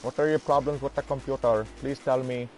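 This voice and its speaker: A man voicing an impatient male phone tech support agent, speaking slowly and insistently and calling the caller sir. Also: mid-range voice, steady tone, darkish tone, faint music behind, natural voice. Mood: pushy. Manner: slow, insistent, formal "sir" phrasing. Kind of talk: comic retelling of a phone call.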